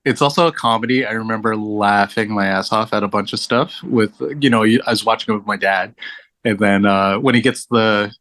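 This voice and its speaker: A man's voice: fairly low pitch, fairly even intonation, brisk, fairly bright tone. A laid-back man chatting casually about movies as a podcast guest. He talks loosely, leans on fillers and laughs often. The sound is close and dry, with no room echo. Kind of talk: casual film chat.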